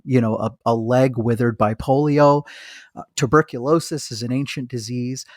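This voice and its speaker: A man's voice: mid-range voice, no room sound, clean studio sound. A man co-hosting a medical history podcast, chatting enthusiastically and rambling with asides and restarts. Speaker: podcast co-host, physician. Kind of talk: casual chat with a read-aloud book passage.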